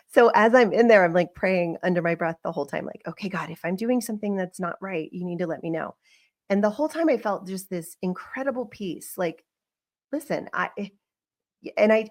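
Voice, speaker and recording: A middle-aged woman hosting a podcast, talking candidly in a reflective, conversational monologue and acting out bits of remembered dialogue. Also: lowish voice. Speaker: podcast host.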